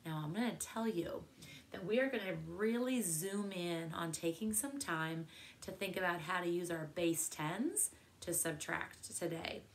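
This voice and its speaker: A woman's voice: lowish voice, a little slow, slight background noise. A woman teacher leading a math lesson for second graders, asking many questions in an encouraging way.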